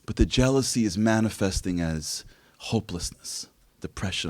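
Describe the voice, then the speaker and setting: A man giving a religious motivational talk, telling stories in an animated way and acting out voices. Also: low voice, normal speed, few pauses, dry recording. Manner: animated storytelling, acts out voices. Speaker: speaker.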